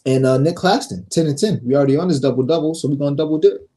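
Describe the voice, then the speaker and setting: Brash, cursing sports betting host. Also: male voice, on the high side, rapid-fire, warm tone. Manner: brash, profane, scolding viewers then laid-back. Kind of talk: casual sports betting picks talk.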